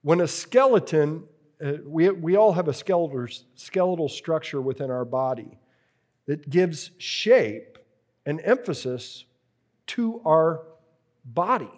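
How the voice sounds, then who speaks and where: A man teaching a preaching workshop to a live group, slow and deliberate, repeating key phrases as he works through a drawing. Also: on the high side, expressive, darkish tone.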